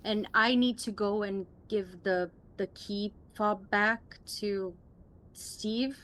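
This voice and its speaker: A woman playing a tabletop role-playing game, planning her moves slowly and deliberately. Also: mid-range voice, steady tone, fairly bright tone. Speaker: player.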